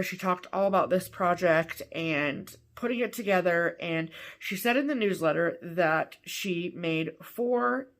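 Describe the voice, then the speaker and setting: A woman co-hosting a cross-stitch show, chatting casually and gushing with excitement over what she shows. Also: medium pitch. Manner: gushing, enthusiastic. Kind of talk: casual show-and-tell chat.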